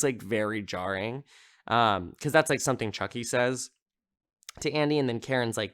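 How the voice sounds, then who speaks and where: Guy podcast host rambling through a horror movie recap, smooth clear voice, says like constantly, swears a lot. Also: mid-range voice, a little slow. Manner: chatty, heavy on "like" fillers, swears freely. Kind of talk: casual film recap podcast.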